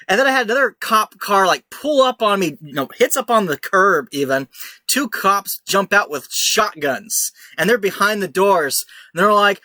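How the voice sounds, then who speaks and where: A young man co-hosting a podcast, telling an animated story in casual chat and acting out the shouted lines. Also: high voice, brisk, no room sound. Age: young adult. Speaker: podcast host.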